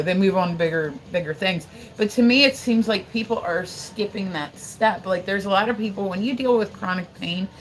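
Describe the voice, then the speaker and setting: A woman's voice: medium pitch, slight background noise, poor audio. Woman in her forties, rambling livestream storyteller. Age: 40s. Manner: rambling, swears freely, frequent "like"; chats to viewers between stories.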